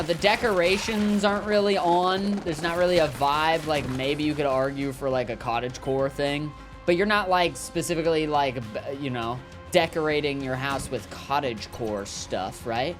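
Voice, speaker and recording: A man's voice: a little high, moderate pace, over music. A man chatting casually while playing a game, rambling and joking as he answers his chat. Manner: rambling, jokey, lots of fillers. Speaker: gaming streamer. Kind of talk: casual gameplay commentary, reading chat.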